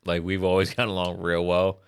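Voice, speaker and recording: A man's voice: deep voice, monotone, brisk, smooth. A man co-hosting a podcast in casual chat, laid-back and chiming in with short remarks. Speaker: podcast co-host.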